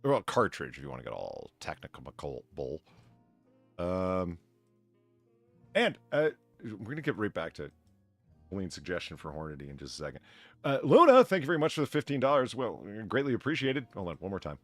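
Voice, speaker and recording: A man with a low voice that swings widely in pitch hosts a live stream, reading donations and chatting loosely. He swears freely and laughs a lot. The sound is dry and close, with faint music underneath. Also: sing-song, brisk, no room sound. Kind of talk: casual live-stream chat.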